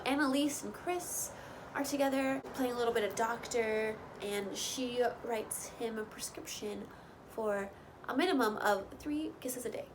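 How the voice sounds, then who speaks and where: A woman's voice: on the high side, slight background noise, low-quality recording. Chatty woman recapping a reality show. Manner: chatty, full of "like" and "you know", quotes people in lively bursts. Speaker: recap host. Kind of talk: casual TV recap.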